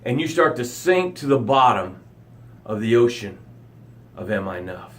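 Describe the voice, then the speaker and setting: A man hosting a motivational live broadcast, speaking directly to his listeners in short punchy phrases and swinging from loud emphasis to hushed low lines. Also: lively intonation, normal speed. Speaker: motivational coach and show host.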